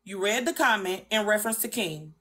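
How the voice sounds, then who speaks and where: A woman's voice: medium pitch, lively intonation, fairly quick, a bit bright. A woman on a phone live stream, arguing her side bluntly and emphatically with lots of swearing. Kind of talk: heated livestream argument.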